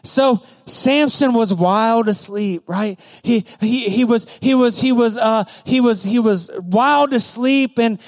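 High-voiced young preacher, emphatic. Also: male voice, slow pace, few pauses. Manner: emphatic, repetitive, asks "right?" often. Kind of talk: sermon.

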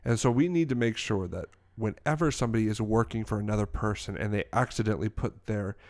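A man co-hosting a comedy podcast, improvising deadpan bits and playing a fumbling mock lawyer. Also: fairly low pitch, fast talker.

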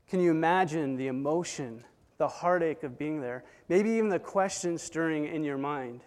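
Man, preacher, sermon storytelling, dramatic hushed-to-loud delivery, fairly high voice, long echoing hall. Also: moderate pace. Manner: dramatic retelling with swings between soft and loud.

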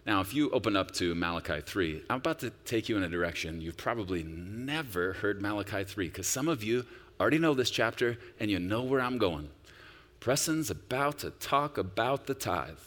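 Animated preaching man in a reverberant hall. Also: mid-range voice. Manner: dramatic swings from hushed to loud, emphatic preaching. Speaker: pastor. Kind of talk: sermon. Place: church sanctuary.

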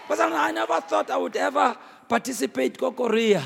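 A man preaching a sermon in a shouting, sing-song cadence, with a gravelly voice. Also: very high-pitched, lively intonation, moderate pace, a little hiss or hum. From South Africa.

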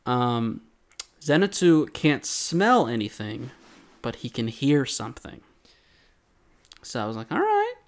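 Animated sarcastic man podcasting. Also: mid-range voice, slow, pauses often. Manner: animated, sarcastic, acts out quoted lines. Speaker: podcast co-host. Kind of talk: casual anime recap chat.

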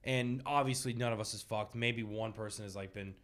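A man's voice: fairly low pitch, steady tone, brisk, fairly bright tone. A young man hosting a casual podcast, telling profane stories and laughing often. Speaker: podcast host.

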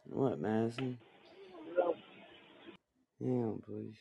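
A father with a low, gravelly voice chats quietly in a group call. His manner is easygoing and his mic sounds dry. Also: steady tone, extremely slow, dry recording. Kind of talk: casual group voice chat.

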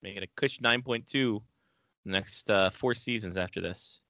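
Bright-voiced joking co-host. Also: male voice, fairly low pitch, moderate pace, dry recording. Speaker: podcast co-host. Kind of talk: casual sports chat.

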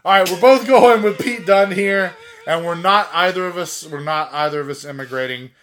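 A man's voice: sits high, moderate pace, fairly bright tone. A young man from the States riffs through podcast banter in a slightly raised register. He jokes around playfully and keeps laughing between lines. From United States. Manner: jokey, playful, laughs often. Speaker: podcast co-host.

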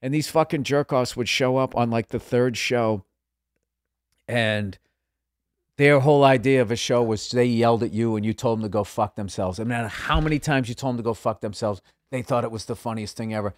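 A man's voice: mid-range voice, fairly quick, dry recording. Male stand-up guest, casual and profane, midrange voice, dry recording. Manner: profane, rambling storyteller with many restarts. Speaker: comedian guest. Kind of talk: casual chat.

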